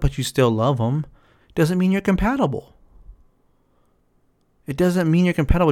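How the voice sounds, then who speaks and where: A man in a casual monologue about relationships, repeating his points emphatically and acting out quotes in a higher voice. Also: a little mellow. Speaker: relationship commentator.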